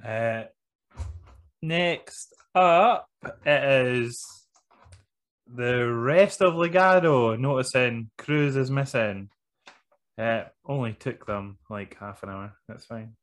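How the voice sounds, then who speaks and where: A man's voice: medium pitch, slow, fairly bright tone. Laid-back man recapping a show. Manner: laid-back, swearing, runs down segments. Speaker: podcast host. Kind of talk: casual recap chat.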